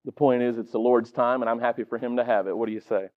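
A man's voice: mid-range voice, steady tone, fast, highs cut off. A middle-aged man preaching a sermon in a conversational way, often stopping to quiz the congregation.

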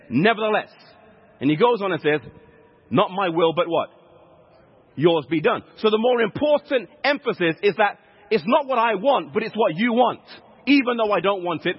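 A man's voice: sits high, slightly rough. A man preaching a sermon, teaching step by step, repeating key points with emphasis. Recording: echoey hall, dull lo-fi sound.

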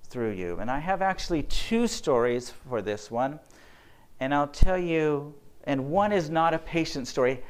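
A man's voice: mid-range voice, clear, resonant tone. A man, a physician, giving a faith-based lecture to health workers, telling earnest stories and acting out the quotes. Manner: earnest storyteller, acts out quotes.

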